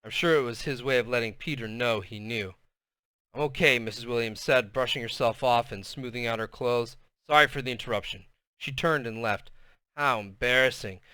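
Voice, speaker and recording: Man reading a novel aloud with casual asides, bright and crisp voice. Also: mid-range voice, normal speed, no echo. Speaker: reader.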